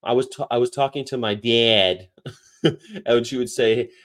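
A man's voice: mid-range voice, a little slow, a bit bright. A man hosting a casual livestream chat, rambling and laughing often as he reads comments and mimics regional accents. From United States. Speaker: livestream host.

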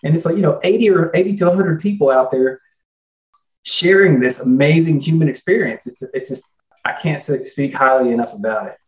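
Middle-aged guy chatting on a call, folksy and excited, roomy echo. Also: medium pitch, fairly quick. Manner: enthusiastic, folksy, says "you know" often. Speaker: interview guest, astrophotographer. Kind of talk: casual conversation. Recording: echoey room.

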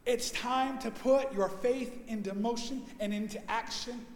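A male pastor delivering a sermon with emphatic preaching, his voice hoarse from overuse, swinging between loud and soft and slowing down to stress his points. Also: very high-pitched, steady tone, a little hiss or hum. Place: church sanctuary. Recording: echoey church hall.

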